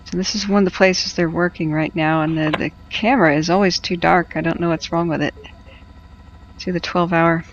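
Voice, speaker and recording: A woman hosting a casual wildfire-tracking livestream, chatty and halting, out of breath and feverish. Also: lowish voice, fairly even intonation, highs cut off, slight background noise. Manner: chatty, halting, addresses viewers as friends.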